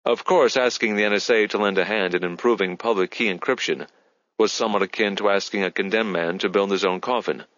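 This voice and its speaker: A man narrating a thriller audiobook in a measured, even storytelling manner. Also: on the low side, no room sound, muffled recording. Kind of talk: scripted narration.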